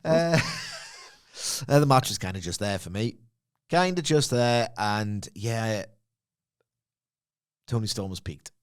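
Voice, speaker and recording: Man, wry podcast banter, casual, low pitch. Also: lively intonation, slow, long pauses, clean tone. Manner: wry, offhand remarks and dry jokes. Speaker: podcast co-host. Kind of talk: casual chat.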